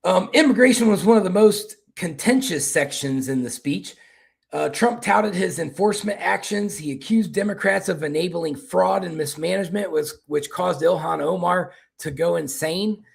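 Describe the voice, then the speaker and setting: Kentucky guy talking politics, gravelly, kinda husky, rambles and restarts a lot. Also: sits high, moderate pace. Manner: rambling, repeats and restarts words. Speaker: political commentary host. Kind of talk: casual political commentary.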